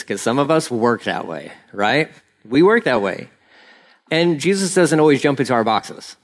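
A man's voice: medium pitch, big pitch swings, normal speed. Earnest, casual-talking man preaching a sermon. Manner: casual and earnest, often says "like", voices quoted people. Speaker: pastor. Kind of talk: conversational sermon.

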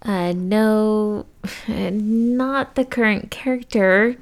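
A woman speaks slowly on a podcast, with a middle-pitched voice. She keeps her remarks short and blunt. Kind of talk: casual chat.

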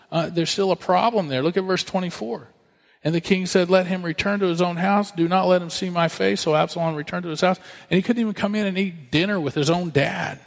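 High-voiced pastor preaching in a reverberant hall. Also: male voice. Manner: conversational, joking asides. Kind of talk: sermon.

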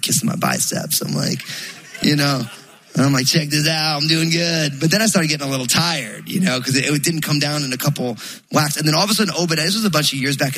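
A pastor from New Jersey preaching a sermon, telling a story in a loose, chatty way full of fillers. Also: male voice, a little high, gravelly, pushed and bright, breathy edge, low-quality recording.

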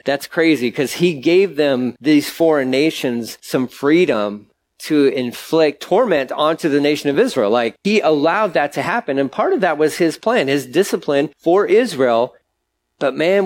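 A male pastor giving a conversational sermon, explaining scripture in a casual, chatty way with everyday asides. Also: fairly high pitch.

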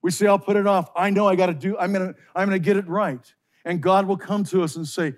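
A pastor preaching a sermon to his congregation, slowing down and stressing key phrases with passion. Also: high-pitched.

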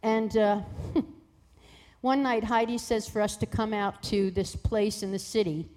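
A woman guest telling a personal testimony in a lively way, acting out the voices of people in her story. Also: mid-range voice, slow. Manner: lively, acts out voices in quoted dialogue.

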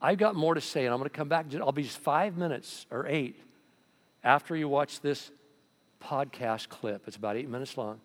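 A man with a fairly high voice preaches a sermon at a moderate pace. He's a pastor who tells stories with animation, acting out the voices of the characters.

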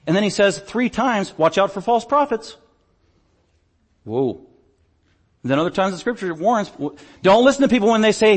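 A man preaching a sermon as pastor, emphatic, swinging between loud declarations and quiet asides. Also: on the high side, lively intonation, fairly quick. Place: church stage.

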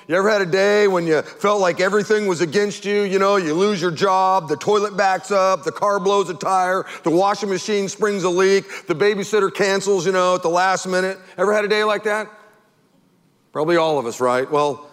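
A man preaching a sermon as pastor, animated and emphatic, firing off rhetorical questions at his congregation. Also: sits high, big-room sound.

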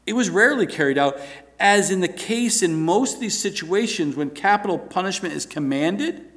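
A man's voice: high-pitched, animated, moderate pace, fairly bright tone. A man giving an earnest Bible teaching, asking rhetorical questions and reading scripture aloud.

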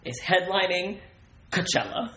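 A man's voice: sits high, steady tone, unhurried, pushed and bright. A young man co-hosting a podcast in casual chat, gossipy and swearing, often acting out quotes. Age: young adult. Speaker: podcast co-host. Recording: roomy room with faint noise.

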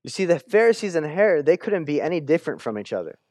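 A man's voice: fairly high pitch, fast, no echo. Conversational man preaching in a dry room. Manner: conversational, repeats words when restarting, quotes scripture with animated voices. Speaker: pastor. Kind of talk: sermon.

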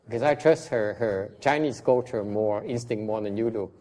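A man's voice: fairly low pitch, moderate pace, dark tone. A man whose first language is Vietnamese, teaching a class in a blunt, questioning way. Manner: blunt, questioning, switches between English and Vietnamese. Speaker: Buddhist teacher.

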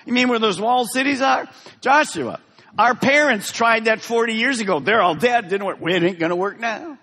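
A man's voice: very high-pitched, normal speed, bright, forceful tone, slightly rough, long reverb tail, voice pushed up, heavily acted. A man voicing a group of doubting men who scoff in casual slang.

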